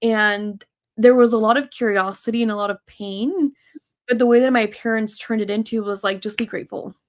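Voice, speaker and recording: A woman hosting a talk show, telling a personal story in a candid, animated way, full of fillers. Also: on the high side, normal speed. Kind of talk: casual personal conversation.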